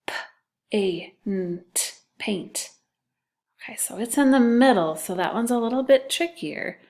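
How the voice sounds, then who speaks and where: A woman's voice: on the high side, expressive, moderate pace, a little mellow. A woman teacher giving a phonics lesson to second graders, patient and sounding out letters and syllables.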